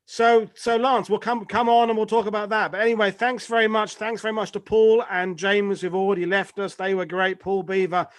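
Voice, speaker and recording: High-voiced man hosting a live chat. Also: little pitch movement, fairly quick, hardly any pauses, dry recording. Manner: rambling, jokey, swears casually. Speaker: host of a live history chat show. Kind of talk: casual panel chat on a live stream.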